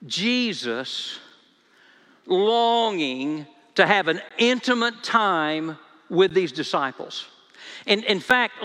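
A man's bright, high voice preaches in a church, earnest and often stumbling over repeated first words. His delivery carries a long, ringing reverb from the sanctuary. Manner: earnest, repeats words when starting sentences. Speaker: pastor. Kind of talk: sermon.

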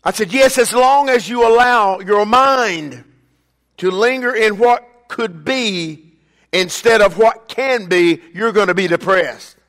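Older male preacher, high voice, echoing hall. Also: takes it slowly. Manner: preaching with call-and-response, swinging between loud emphatic bursts and quiet asides. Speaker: pastor. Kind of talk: sermon. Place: church sanctuary. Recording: long reverb of a church hall.

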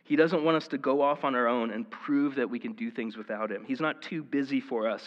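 A man's voice: mid-range voice, brisk, hardly any pauses. A man preaching a conversational sermon as pastor, casual and earnest, with lots of "like" and "uh". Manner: casual, filler-heavy, earnest. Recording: reverberant hall, dull sound.

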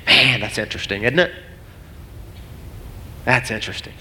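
A man's voice: mid-range voice, lively intonation, normal speed, pushed and bright, a little hiss or hum. A man preaching a sermon as pastor, telling a story earnestly and with rising emotion. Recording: long hall reverb.

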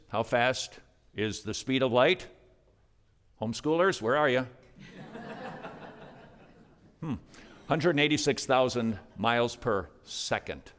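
A male pastor preaching a sermon, swinging from loud, emphatic lines to hushed, near-whispered ones. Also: lowish voice.

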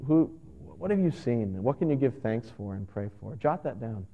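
A man in his thirties, a pastor, giving a conversational and earnest sermon that gets animated at times. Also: mid-range voice, moderate pace. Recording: dull lo-fi sound with long hall reverb.

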